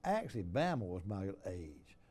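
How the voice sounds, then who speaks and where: Older Southern man, Alabama drawl, mellow tone, folksy storyteller hosting a political chat. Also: low voice, very animated, moderate pace, breathy edge. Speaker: host. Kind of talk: casual interview chat.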